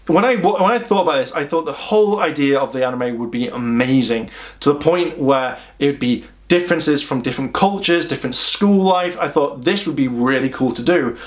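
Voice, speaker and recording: A man giving a casual, chatty video review of an anime, rambling and exasperated with many restarts. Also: a little high.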